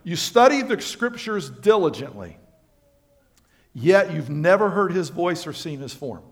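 A male pastor preaching a sermon to his congregation, swinging between loud emphatic lines and quiet, low asides. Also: big pitch swings, measured pace. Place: church sanctuary.

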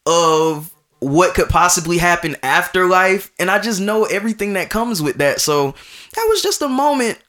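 Young male podcast host, casual storyteller, animated, acts out quotes, restarts often. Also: sits high, moderate pace.

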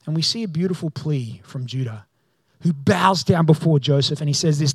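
Pastor, male, lively storytelling sermon voice, a little high, dry close sound. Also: normal speed, few pauses, breathy edge, no room sound. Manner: storytelling preacher, voices the figures, turns loud and excited.

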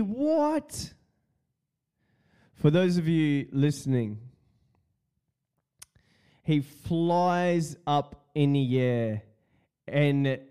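Laid-back, slow-talking male podcaster. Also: a little high, smooth. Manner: rambling and excitable, laughs often, slangy. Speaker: podcast host. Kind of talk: casual podcast chat.

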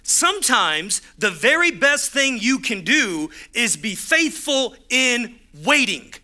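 A man's voice: extremely high pitch, big pitch swings, takes it slowly, sharp tone. A man preaching a sermon as pastor, driving home points with punchy repeated phrases and acting out the voices in his stories.

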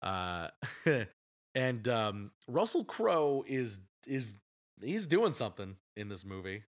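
A man's voice: mid-range voice, very animated, slow. A man co-hosting a casual movie review podcast, chatty and often laughing as he retells scenes. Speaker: podcast co-host.

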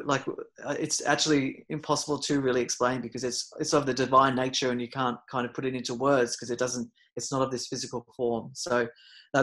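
Man, mid-pitched voice, rambling with ums and restarts, casual storytelling, louder in the dramatic parts. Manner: rambling, many fillers and restarts; gets loud and animated retelling scary moments. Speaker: podcast guest.

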